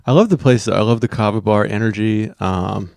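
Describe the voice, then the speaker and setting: A man's voice: lowish voice, fairly quick, gravelly, darkish tone, no room sound. A male comedian hosting a podcast, chatting in an easygoing, joking way and laughing often. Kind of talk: casual chat.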